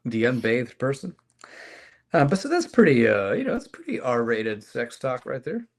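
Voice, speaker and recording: Wry, relaxed male podcast co-host. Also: medium pitch, normal speed. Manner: relaxed, wry, thinks aloud with fillers. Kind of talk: casual comic book discussion.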